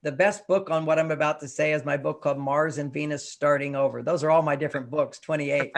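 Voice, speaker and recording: An older man with a somewhat high, creaky voice talks quickly as an interview guest. A relationship counselor, he explains his techniques while animatedly acting out little scenes.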